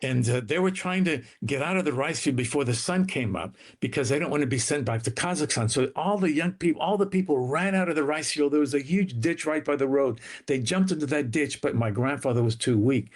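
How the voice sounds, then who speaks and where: Man telling a family story with feeling. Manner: emotional dramatic storytelling, slowing and dropping low for quotes. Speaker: guest author. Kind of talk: storytelling interview.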